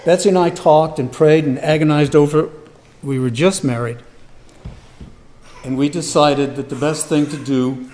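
An older man telling a personal testimony in an unhurried way, acting out remembered conversations. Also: medium pitch, a little mellow, a little hiss or hum. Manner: unhurried, acts out remembered dialogue. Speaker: storyteller. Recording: long hall reverb, faint ambience.

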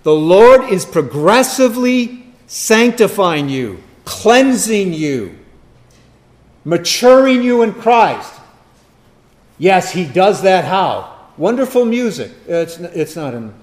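A man preaching a sermon, firing rhetorical questions and swinging from loud emphasis to quiet asides. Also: high-pitched, very animated, slow pace.

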